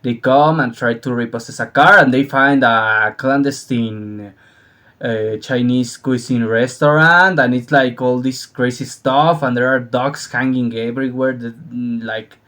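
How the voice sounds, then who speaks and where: A man, probably middle-aged, giving a casual, profane opinion monologue, laughing a lot and acting out scenes with shouted voices. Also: mid-range voice, fairly even intonation, measured pace. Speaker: vlogger.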